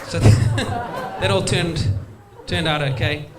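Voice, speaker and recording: A man's voice: on the high side, slow pace, a loud crowd, heavy background noise. A man doing a chatty stand-up set, often laughing at his own jokes. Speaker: stand-up comedian. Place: stage at a live comedy show.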